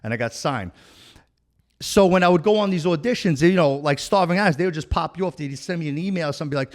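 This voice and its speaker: A man from Long Island with a New York accent, hosting a casual interview and telling profane, animated stories. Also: fairly high pitch, fast talker. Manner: profane, storytelling, animated quoting. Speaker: podcast host.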